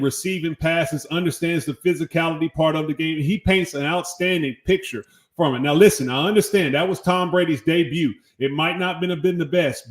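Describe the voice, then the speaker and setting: A man co-hosting a sports podcast, making emphatic points and often starting with "listen". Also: a little high. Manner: emphatic, praises with "listen" and "tremendous". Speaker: podcast co-host. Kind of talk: casual sports talk. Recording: roomy echo.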